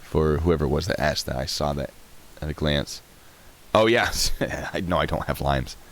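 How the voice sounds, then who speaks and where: A man's voice: a bass voice, normal speed. A man in his thirties hosting a live stream, chatting casually and rambling while answering chat questions.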